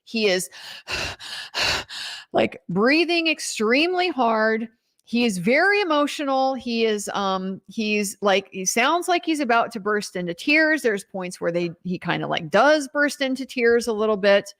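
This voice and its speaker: A woman's voice: fairly high pitch, animated, normal speed, a bit bright. A young woman commenting on a trial in a casual recap, incredulous and emphatic, reading out quotes as she goes. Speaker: legal commentator.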